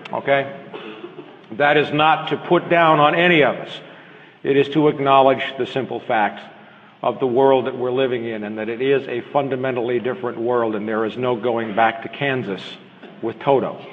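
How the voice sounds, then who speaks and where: A middle-aged man giving a live lecture to an audience. He speaks bluntly and conversationally and often puts rhetorical questions to the listeners. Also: mid-range voice. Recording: echoey hall, thin phone-like sound.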